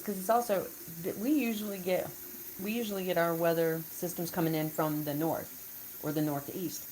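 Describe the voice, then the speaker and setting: Nervous chatty woman, lowish voice. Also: noisy background. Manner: nervous, chatty, talks herself through worry. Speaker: homestead vlogger, live stream host. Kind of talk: casual live chat with viewers. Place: home kitchen.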